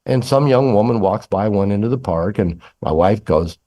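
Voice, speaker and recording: A man's voice: on the low side, expressive, moderate pace, warm tone. An older man, an author and therapist, telling candid personal stories in a podcast interview, acting out dialogue with self-deprecating humor. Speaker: author and psychotherapist guest.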